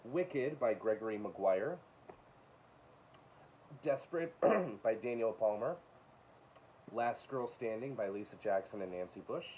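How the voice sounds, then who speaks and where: A man casually showing his book collection, reading titles aloud with quick offhand asides. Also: on the low side, animated, a little mellow, a little hiss or hum, low-quality recording. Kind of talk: casual show-and-tell of books.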